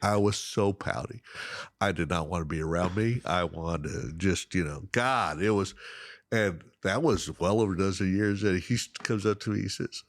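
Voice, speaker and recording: Deep-voiced man telling a fishing story. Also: normal speed, no echo, clean studio sound. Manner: animated, laughs often, acts out dialogue. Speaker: guest. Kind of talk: casual storytelling.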